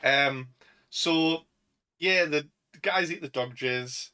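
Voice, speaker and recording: A man's voice: a little high, takes it slowly, pushed and bright, clear, resonant tone. A man with a Northern English accent co-hosting a casual chat, laughing often and acting out film quotes. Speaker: podcast co-host.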